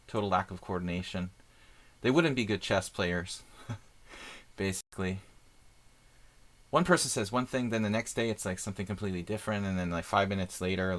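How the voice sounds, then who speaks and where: A middle-aged man with a fairly low voice talks through a live chess stream. His speech rambles along, full of fillers and restarts, as he thinks aloud about the position between side remarks. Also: brisk, fairly bright tone. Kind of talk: casual live-stream chat while playing.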